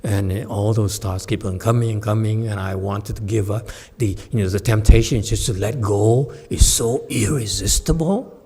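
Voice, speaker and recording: A man's voice: fairly low pitch, normal speed, few pauses, husky. A man giving a Buddhist dharma talk as a meditation teacher, telling a story with laughs and acted voices. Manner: animated storyteller, laughs often, acts out the voices.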